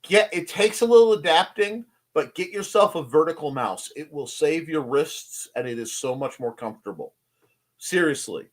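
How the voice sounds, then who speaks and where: A man's voice: a little high, expressive, normal speed. A man hosting a casual live stream from his home desk, rambling and joking and greeting people in the chat. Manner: rambling, jokey, greets chatters.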